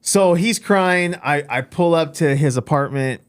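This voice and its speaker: A man casually telling a personal faith story, acting out his own lines with lively emphasis. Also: a little high, unhurried, smooth, no echo, studio quality.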